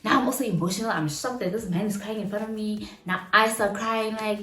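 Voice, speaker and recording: A South African woman in her twenties telling a story from her own life in a chatty, animated vlog, mixing slang and local phrases into her talk. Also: medium pitch, fairly quick, few pauses. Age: 20s. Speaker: vlogger. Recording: roomy room with faint music behind.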